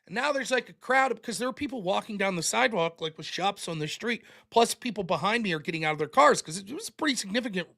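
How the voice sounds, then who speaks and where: A man with a high, bright voice tells a story in a loose, casual way. He acts out the people he quotes and laughs often along the way. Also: lively intonation, fast talker, creaky, few pauses. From United States. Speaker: podcast host.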